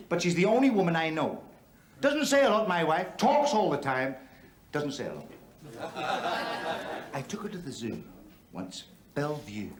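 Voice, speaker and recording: A man with a fairly high voice, heard against a noisy background, is an actor performing stand-up as a crude, brash Belfast comedian in a TV drama. He tells bawdy jokes in a Belfast accent in an echoey club hall while the audience laughs.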